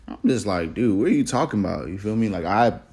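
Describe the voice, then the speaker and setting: A young man in college, telling a personal story in a casual, halting, reflective way, with many fillers and restarts. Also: lowish voice, expressive, vocal fry, darkish tone, husky. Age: young adult.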